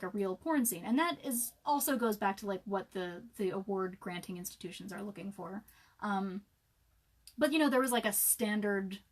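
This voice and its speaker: A woman in her thirties, an author chatting casually and upbeat on a live stream, answering comments with lots of fillers. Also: mid-range voice.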